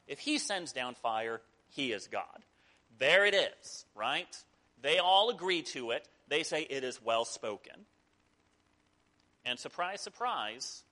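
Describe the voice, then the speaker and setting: A man preaching a sermon, telling a scripture story with lively, mocking asides. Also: mid-range voice. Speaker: pastor.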